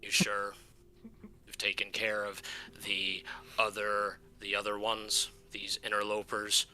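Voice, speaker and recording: A man's voice: lowish voice, monotone, slow pace, pushed and bright, a little hiss or hum, full character voice. A man voicing a scornful, menacing male elf villain in a tabletop game. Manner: contemptuous, threatening.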